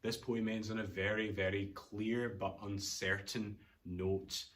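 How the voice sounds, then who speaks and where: A man's voice: lowish voice, flat delivery, unhurried, a bit bright. A man with a Scottish accent, an English teacher, explaining a poem line by line in a recorded revision lesson, in an informal way with Scots words.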